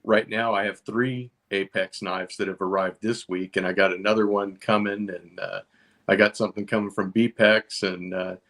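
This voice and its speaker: A man talking as a guest in a relaxed chat, agreeable and unhurried, with frequent "uh" and "you know". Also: fairly low pitch. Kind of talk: casual chat.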